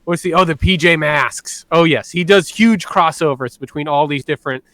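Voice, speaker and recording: Lively bright-voiced man on podcast. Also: on the high side, moderate pace, no echo. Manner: animated storyteller, laughs often. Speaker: podcast co-host. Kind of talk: casual podcast chat.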